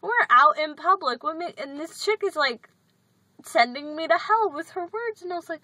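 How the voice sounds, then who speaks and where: A high, bright-voiced woman rambles and jokes as she vlogs from her parked car. The sound comes close and dry from her phone. She is sarcastic, chatty and loose with her words. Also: expressive, normal speed, dry recording, low-quality recording. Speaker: vlogger. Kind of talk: casual chat.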